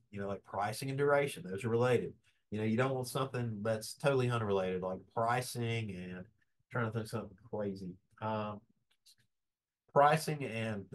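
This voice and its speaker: A man giving a casual, calm webinar lecture over a video call. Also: mid-range voice. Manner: folksy, conversational, calm tone. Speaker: business law presenter. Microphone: video call webcam.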